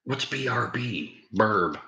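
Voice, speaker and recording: A man's voice: lowish voice, expressive, slow pace, gravelly, bright, forceful tone. A man live-streaming in a casual chat with his viewers, joking and laughing often. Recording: roomy, dull lo-fi sound.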